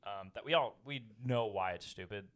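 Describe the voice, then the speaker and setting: A man's voice: on the low side, moderate pace. A young man co-hosting a podcast in a laid-back casual chat, swearing casually. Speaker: podcast co-host.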